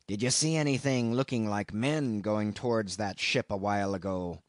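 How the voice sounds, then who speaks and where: A man voicing a strange, cryptic old sailor who speaks slowly and in a wondering, halting way. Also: lowish voice, no room sound, clean studio sound, close to an everyday voice. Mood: cryptic, ominous. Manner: slow, wondering, halting speech.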